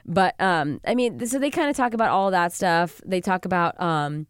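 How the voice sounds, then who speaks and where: A woman co-hosting a podcast in casual chat, animated and swearing, acting out the people she quotes. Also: fairly low pitch, normal speed, smooth, dry recording, clean studio sound. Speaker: podcast co-host.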